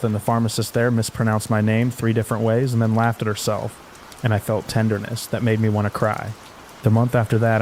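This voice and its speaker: A man with a lowish voice reads a quiet horror story for sleep, soft-spoken and unhurried. His delivery stays flat and even, barely rising or falling. Faint steady rain sits underneath. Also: a little hiss or hum, poor audio. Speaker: narrator. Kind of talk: calm scripted horror narration for sleep.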